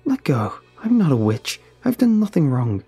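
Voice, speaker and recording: A man's voice: medium pitch, very animated, moderate pace, creaky, dark tone, slightly rough, soft background music, pitched above the performer's own voice, exaggerated voice. A man voicing a frightened young woman accused of witchcraft, pleading and desperate in an audiobook reading.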